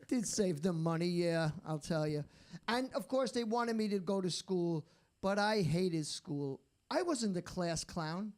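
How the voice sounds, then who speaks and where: A man doing a stand-up routine, delivering deadpan one-liners after slow setups. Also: high-pitched. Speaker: stand-up comedian.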